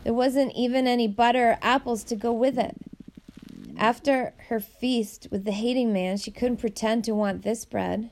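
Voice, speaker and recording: A woman's voice: fairly high pitch, steady tone, normal speed, a little mellow, a little hiss or hum. A woman narrating a novel aloud, reading the dialogue with light character shifts. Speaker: audiobook narrator.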